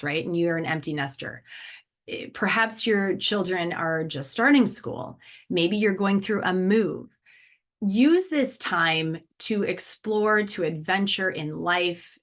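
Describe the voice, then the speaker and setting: A woman in her forties hosting a solo motivational podcast, talking in an upbeat, conversational way with lots of "right?" and "like". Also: on the low side. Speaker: podcast host.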